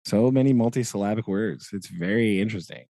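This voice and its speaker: A man's voice: lowish voice, fairly quick, dark tone, dry recording, clean studio sound. A man co-hosting a podcast in casual chat, rambling and correcting himself, with frequent chuckles. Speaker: podcast co-host.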